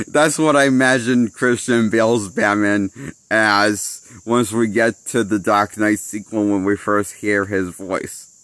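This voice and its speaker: A movie critic gives a casual spoken film review, rambling, losing his train of thought and laughing at his own jokes. His voice is fairly low and a bit bright, recorded with no echo.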